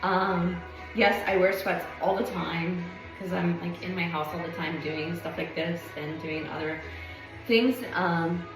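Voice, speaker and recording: A woman's voice: on the low side, fairly even intonation, a little slow, music in the background. Woman vlogger, meandering and reflective, full of ums, distant mic in a very echoey room. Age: adult. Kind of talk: casual rambling monologue. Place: at home.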